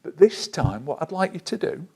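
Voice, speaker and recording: A man teaching a self-help technique in a calm, guided way, slowing down to give step-by-step instructions. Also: a little high, gravelly, slightly rough. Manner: measured and gentle, slows down to give instructions.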